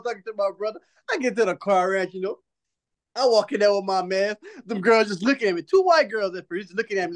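A man hosting a podcast, telling a long story in casual chat. He laughs often, swears and jokes freely, and acts out other people's lines in changed voices. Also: high voice. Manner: animated, laughing often through his story; profane and joking. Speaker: podcast host.

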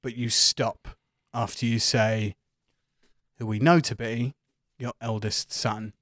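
A man from the UK, narrating as game master with an animated, joking manner. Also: medium pitch, slow pace, no room sound, studio quality. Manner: animated, joking, swears casually.

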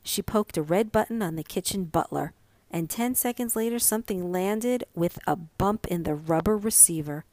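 A woman reading a story aloud as narrator, calm and measured. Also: lowish voice, no room sound.

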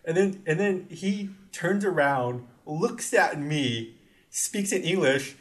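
Animated young man telling stories. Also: a little high, slow pace. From Los Angeles area. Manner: animated storytelling, acting out quotes. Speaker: podcast co-host. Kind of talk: casual chat.

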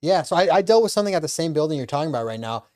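A man's voice: fairly high pitch, expressive, racing, darkish tone. A young man hosting a podcast in casual chat, easygoing and laughing often. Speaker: podcast host.

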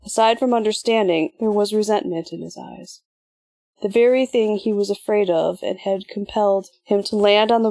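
A woman reading an audiobook in measured, even scripted narration. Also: medium pitch, breathy edge, no room sound.

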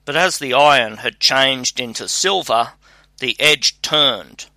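A man narrating a fairy tale in a steady, unhurried reading. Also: mid-range voice, no echo. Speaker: storyteller.

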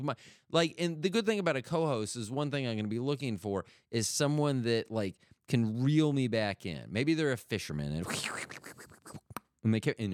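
A middle-aged man talks his way through a loose podcast monologue, jumping up and down in pitch as he jokes and restarts his sentences. His voice is smooth and resonant, recorded close and dry. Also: no echo. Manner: rambling, self-interrupting, jokey. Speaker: podcast host.

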